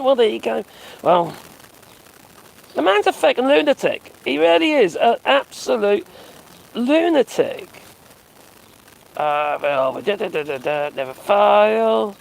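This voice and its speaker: A man's voice: high voice, very animated, a little slow, creaky, pauses often, poor audio. A man doing casual live-stream commentary on his phone, mocking and sarcastic, swearing and chuckling as he reacts.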